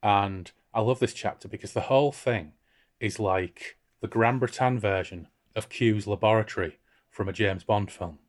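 A man with a somewhat low voice shares a book-discussion podcast. He reads passages aloud with expression and breaks off into relaxed, chatty commentary. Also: normal speed. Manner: expressive reader, lifts voice for quoted characters. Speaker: podcast co-host reading and discussing a novel. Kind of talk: casual book-club chat with read-aloud passages.

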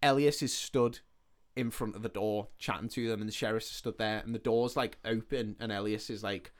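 A man co-hosting a podcast, casually retelling a film plot in an animated way and quoting the characters as he goes. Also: on the low side, moderate pace. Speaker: podcast co-host. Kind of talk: casual film recap chat.

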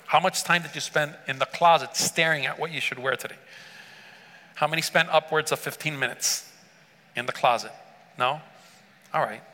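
A man's voice: a little high, moderate pace, pauses often, bright, forceful tone, in a large hall. A man preaching a sermon to a congregation, earnestly asking them rhetorical questions. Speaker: pastor. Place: church sanctuary.

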